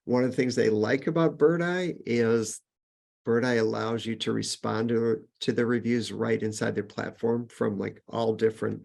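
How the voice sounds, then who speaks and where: A man's voice: mid-range voice, steady tone, moderate pace, vocal fry, a little mellow. A man presenting a business webinar in a conversational manner, with frequent fillers and restarts, lifting his voice on each numbered point. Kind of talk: casual webinar teaching.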